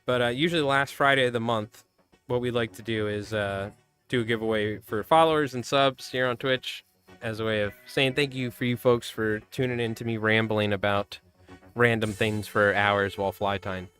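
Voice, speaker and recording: A man streaming live, chatting casually and calling a marble race with loud bursts of excitement. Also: fairly low pitch, moderate pace, smooth. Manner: rambling, laid-back, bursts into loud excited commentary. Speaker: streamer and fly tier. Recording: faint music under the voice. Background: background music.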